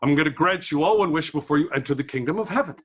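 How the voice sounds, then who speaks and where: A man's voice: on the high side, rapid-fire, slightly rough. A man voicing God as a genial, hammy male deity who talks like a game show host. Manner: hammy, announcer-like.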